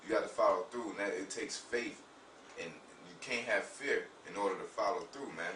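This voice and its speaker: Low-voiced man, roomy and distant. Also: normal speed. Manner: animated, profane, repeats "you know what I'm saying". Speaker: religious discussion host. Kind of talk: casual spiritual talk. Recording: roomy echo, far from mic, faint noise.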